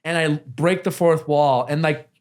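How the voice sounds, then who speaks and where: A man's voice: a little high, unhurried. A man hosting a podcast, telling stories in casual chat with lots of fillers, restarts and casual swearing. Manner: storytelling, many fillers and restarts. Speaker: podcast host.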